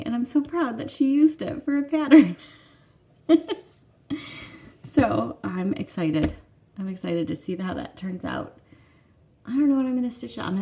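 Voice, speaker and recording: A woman's voice: fairly low pitch, vocal fry, warm tone. A woman in her thirties from the Detroit suburbs, hosting a cross-stitch vlog in casual, enthusiastic chat that often breaks into laughs. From Detroit suburbs, USA. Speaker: vlogger, cross-stitch channel host.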